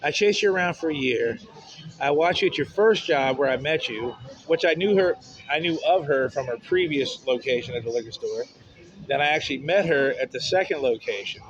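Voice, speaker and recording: A man's voice: fairly high pitch, lively intonation, fairly quick, low-quality recording. A man ranting bluntly and profanely in a rambling personal vent to camera. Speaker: vlogger.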